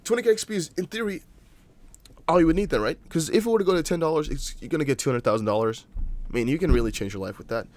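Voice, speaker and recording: A man's voice: on the high side, rapid-fire, darkish tone. Chatty young non-native English man. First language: not English. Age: young adult. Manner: chatty, rambling, with frequent restarts and apologetic asides. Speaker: crypto livestream host. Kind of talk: casual live-stream chat reading viewer comments.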